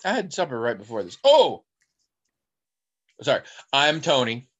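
Male podcast co-host, casual rambling storyteller with a lively, swinging pitch. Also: measured pace, husky, muffled recording.

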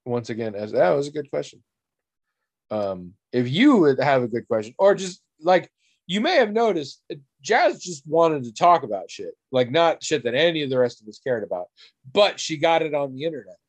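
A man's voice: on the high side, big pitch swings, moderate pace, dry recording. A man co-hosting a podcast in casual chat, teasing and sardonic, swearing offhandedly. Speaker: podcast co-host.

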